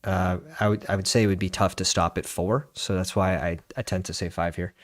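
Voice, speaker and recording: Brief: relaxed lower-voiced man, casual draft talk, dry mic. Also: no room sound. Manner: laid-back, agreeable, lots of quick yeahs and mm-hmms. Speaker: guest fantasy analyst. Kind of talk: casual chat while drafting.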